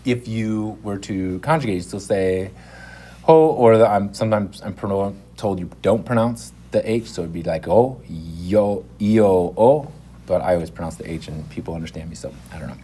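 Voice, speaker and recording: A man's voice: low voice, fairly quick, husky. A man giving a casual, rambling spoken language lesson, correcting himself often as he goes. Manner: relaxed and rambling, with many fillers and self-corrections. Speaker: language teacher.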